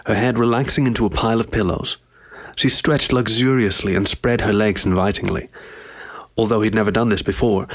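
Low-voiced male story narrator. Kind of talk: scripted narration.

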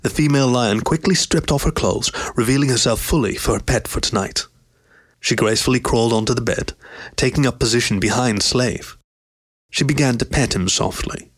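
A man reading a story aloud in an even, steady narration. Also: medium pitch, brisk. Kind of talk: scripted narration.

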